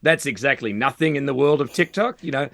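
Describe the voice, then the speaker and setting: A man with an Australian accent, a comedian guest on a panel, telling jokey stories in an animated way. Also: medium pitch, fairly quick, creaky. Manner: animated, jokey storytelling with put-on voices. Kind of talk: comic panel banter.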